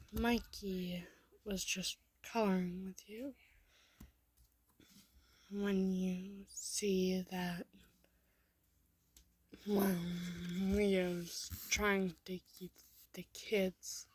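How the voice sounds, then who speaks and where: Woman narrator, second-person fan story; very slow, breathy, soft-spoken. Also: medium pitch. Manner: soft, partly whispered narration. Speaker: fan fiction reader.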